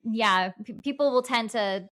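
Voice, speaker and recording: A woman's voice: a little high, measured pace, a bit bright. A woman, a paranormal investigator guest on a podcast, sharing her experiences in an earnest, matter-of-fact way with frequent restarts. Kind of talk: casual podcast conversation.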